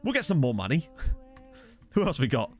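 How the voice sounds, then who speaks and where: A man's voice: medium pitch, huge pitch swings, unhurried, faint music behind. A man streaming a football management game, chatting casually and joking with his viewers over a desk microphone. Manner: chatty, jokey, answers viewers' chat. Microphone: desk USB condenser microphone.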